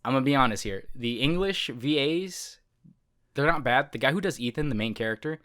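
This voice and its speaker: A man's voice: mid-range voice, lively intonation, a little fast, a bit bright. A man co-hosting a podcast in casual chat, rambling and correcting himself, laughing often. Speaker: podcast co-host.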